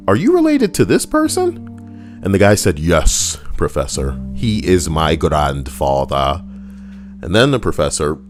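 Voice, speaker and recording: Brief: male streamer, young, reads stories and riffs with crude humor, deeper voice. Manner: animated, profane, jokey asides. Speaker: streamer reading viewer stories. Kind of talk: livestream reading with comic riffing.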